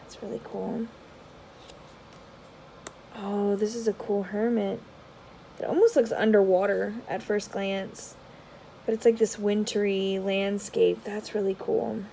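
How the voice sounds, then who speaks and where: A woman vlogger giving casual unboxing commentary, rambling with many filler words and dropping into soft, half-murmured asides. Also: medium pitch, little pitch movement, takes it slowly, vocal fry, long pauses, slight background noise, poor audio. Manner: drops to a soft whisper at times. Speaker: tarot vlogger.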